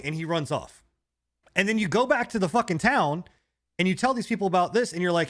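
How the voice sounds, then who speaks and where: A man co-hosting a gaming podcast, ranting in a rambling, animated way with swearing. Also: high-pitched, brisk. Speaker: podcast co-host. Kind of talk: casual gaming podcast chat.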